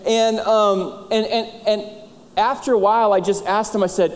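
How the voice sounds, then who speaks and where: A middle-aged male pastor telling a story in a sermon, animated and acting out the dialogue. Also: sits high, fairly quick. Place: church sanctuary. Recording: church hall reverb.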